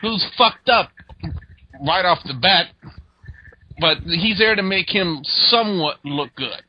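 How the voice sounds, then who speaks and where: A man hosts a laid-back wrestling review, recapping events in a rambling way full of fillers. His voice sits a bit high, and the podcast audio is dull and lo-fi. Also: lively intonation, slow, slightly rough. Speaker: host. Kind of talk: casual wrestling review chat.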